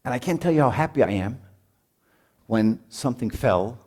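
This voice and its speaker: A man's voice: mid-range voice, lively intonation, moderate pace, darkish tone, slightly rough. Informal, conversational man preaching to parents. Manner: informal, peppered with "right?", acts out parents and kids. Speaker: speaker at a marriage retreat.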